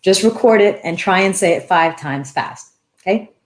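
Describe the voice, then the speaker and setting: A woman in her thirties, a dance teacher hosting a casual live-stream Q&A, talking warmly and thinking aloud as she reads out comments. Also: lowish voice, normal speed. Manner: warm, animated, thinks aloud with restarts.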